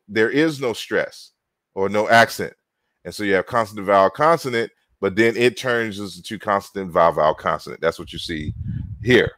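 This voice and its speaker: A man giving an online lecture, slow and halting, spelling out words and often repeating himself. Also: mid-range voice, a bit bright, dry recording.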